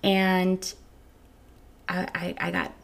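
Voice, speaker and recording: A woman's voice: fairly low pitch, flat delivery, extremely slow, clean tone. A young woman telling a personal story to her viewers from home in a casual, candid way, swearing freely and restarting her sentences. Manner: candid and frank, swears freely, frequent restarts and little laughs. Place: at home early in the morning.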